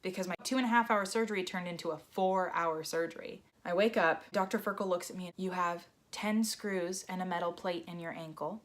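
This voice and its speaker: A young woman telling a personal story in a vlog, animated and acting out the voices she quotes. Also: fairly low pitch, a little fast, hardly any pauses. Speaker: vlogger.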